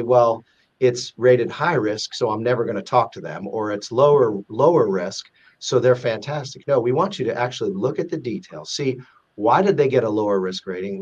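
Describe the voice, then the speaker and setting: A man's voice: medium pitch, lo-fi sound. A man in a casual interview, earnestly explaining a ratings database with many restarts. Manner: earnest, explanatory, with frequent restarts and acted-out example quotes. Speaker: guest explaining a corporate risk rating database.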